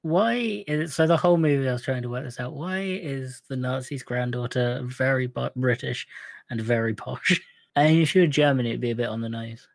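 A man's voice: mid-range voice, vocal fry, no room sound, studio quality. A man co-hosting a podcast, chatting casually about a movie, laughing often and speeding up into rants. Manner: laughing, bursts into fast rants. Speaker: podcast co-host. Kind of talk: casual movie-review chat.

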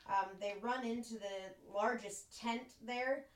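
Relaxed woman narrating as game master. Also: a little high, takes it slowly. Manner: relaxed, filler-heavy narration. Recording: echoey room, distant mic.

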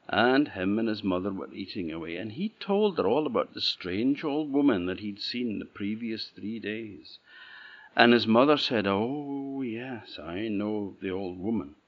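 A man with an Orcadian Scottish accent tells a traditional folk tale in an unhurried, rhythmic flow. His voice sits on the lower side and moves slowly. The recording sounds slightly dull and lo-fi. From Orkney, Scotland. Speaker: storyteller. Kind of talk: oral folk tale telling.

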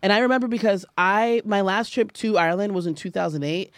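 Fast-talking, profane American woman. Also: medium pitch, no room sound, clean studio sound. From United States. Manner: blunt and profane, fast storytelling. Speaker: podcast host. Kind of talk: casual chat.

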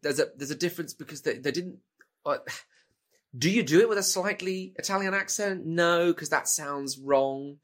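A middle-aged man with a British accent, chatting as an interview guest, rambling and often repeating words as he restarts thoughts. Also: medium pitch. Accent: British English. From Britain. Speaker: actor guest. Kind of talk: casual interview chat.

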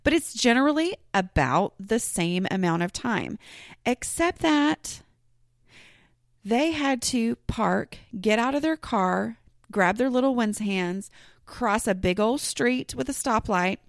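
A podcast host talks casually on her own solo show, rambling with lots of fillers and false starts. Her voice is a little high with lively intonation, and she speaks slowly. The recording is studio quality and dry, with no echo.

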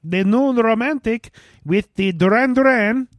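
A man's voice: very high-pitched, measured pace, dry recording, studio quality. A man co-hosting a casual movie commentary podcast, trading wry jokes and asides. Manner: wry, joking asides, animated. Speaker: podcast co-host.

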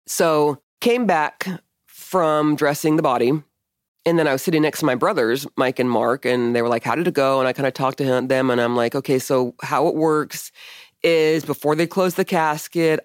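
A woman's voice: a bass voice, no room sound, clean studio sound. A woman hosting a podcast, telling a personal story in casual conversation, candid and emotional, swearing often. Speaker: podcast host.

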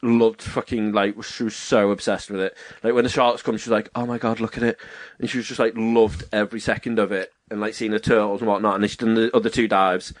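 A man's voice: lowish voice, level tone, fast, few pauses. A young man on a podcast, telling a story in casual chat, swearing freely and acting out the voices of the people he quotes. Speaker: podcast co-host.

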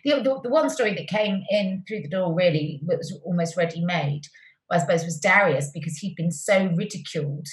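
A middle-aged woman, a TV presenter as interview guest, telling stories warmly and effusively with many restarts. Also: fairly low pitch, normal speed. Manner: warm, effusive storytelling with restarts. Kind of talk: conversational interview. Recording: roomy echoey sound.

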